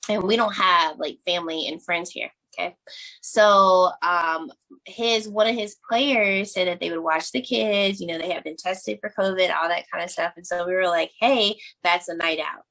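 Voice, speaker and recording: Bright-voiced woman telling a wild story. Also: on the low side, moderate pace. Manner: animated storyteller, frank and bawdy. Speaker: podcast guest. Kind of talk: casual chat, storytelling.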